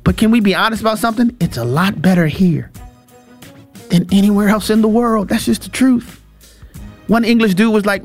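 A man's voice: high voice, moderate pace, soft background music. A middle-aged man hosting an opinionated commentary show, talking emphatically and jokingly, repeating words for stress. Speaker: show host.

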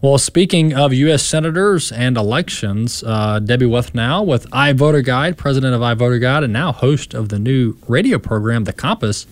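A man's voice: medium pitch, lively intonation, normal speed, few pauses, no room sound. A man hosting a talk radio show, speaking in a conversational way with some fillers. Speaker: radio host.

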